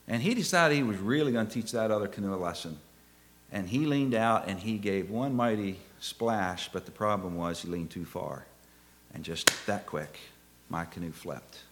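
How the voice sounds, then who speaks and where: A middle-aged male preacher telling a personal story in a sermon, swinging from hushed asides to loud exclaiming. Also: fairly low pitch.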